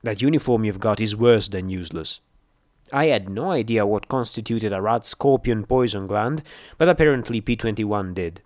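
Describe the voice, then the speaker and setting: A man reading fiction aloud in a steady, measured storytelling voice, close to the mic. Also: on the low side, no echo. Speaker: audiobook narrator. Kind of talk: scripted fiction narration.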